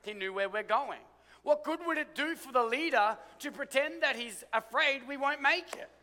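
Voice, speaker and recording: A man with a high, bright, ringing voice preaches a sermon. He swings between forceful, emphatic lines and quiet, hushed ones. His voice carries a long reverb, as in a large hall. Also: expressive, normal speed. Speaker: pastor.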